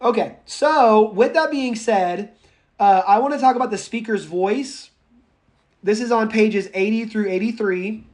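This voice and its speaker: Animated, joking male speech instructor. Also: sits high. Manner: animated, joking, stresses single words slowly. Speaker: college public speaking instructor. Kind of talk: online lecture.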